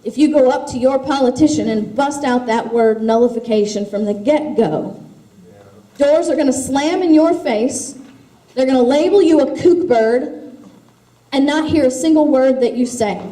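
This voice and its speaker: A woman's voice: high-pitched, a little slow. Impassioned woman speaking in an echoey hall. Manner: forceful storytelling, emphatic. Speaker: grassroots activist speaker. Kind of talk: impassioned public speech.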